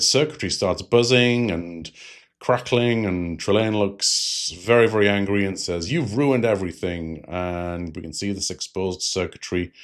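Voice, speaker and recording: A man hosting a review channel, recapping an episode in a rambling, digressive way with frequent fillers. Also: low-pitched.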